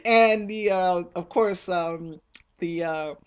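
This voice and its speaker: Novelist, casual interview, mid-pitched, meandering delivery heavy on fillers, slips into character lines when retelling scenes. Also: slow, clean tone. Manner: rambling, many fillers and restarts. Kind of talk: casual talk about own novels.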